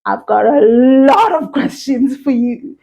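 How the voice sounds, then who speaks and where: A woman teaching a children's language lesson, encouraging and sing-song, speaking slowly and clearly. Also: high-pitched, animated, warm tone. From South Africa.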